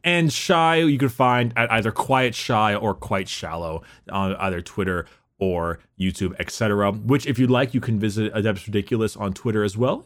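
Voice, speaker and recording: A young man co-hosting a podcast in casual chat, excited and rambling, swearing casually and laughing often. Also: medium pitch. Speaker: podcast co-host.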